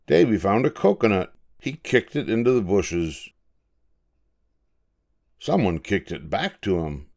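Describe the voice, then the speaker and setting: An older man reading a children's picture book aloud, slow and expressive like a grandfather. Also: fairly low pitch, gravelly. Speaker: storybook reader.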